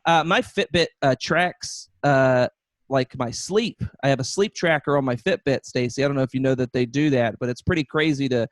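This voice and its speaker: A man's voice: medium pitch, normal speed, no room sound, clean studio sound. A young man doing a self-mocking, profane stand-up set over a video call, laughing at his own jokes. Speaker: stand-up comedian.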